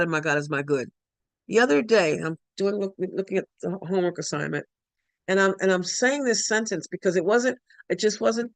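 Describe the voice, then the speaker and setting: A woman's voice: medium pitch, a bit bright, no room sound. A woman giving a spiritual talk, emphatic and repetitive, often restarting her sentences. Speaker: spiritual speaker.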